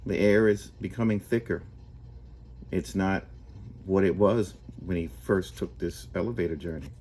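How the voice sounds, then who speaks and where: A man with a very low, dark, mellow voice tells a story casually. He speaks in a relaxed way and often restarts and repeats his words. Faint noise sits behind him. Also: normal speed.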